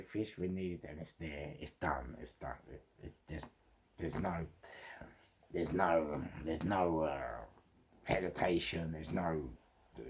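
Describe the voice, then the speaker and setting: A middle-aged man with a London accent telling rough stories casually, swearing heavily and repeating words for emphasis. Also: low-pitched. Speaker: storyteller. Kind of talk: casual storytelling.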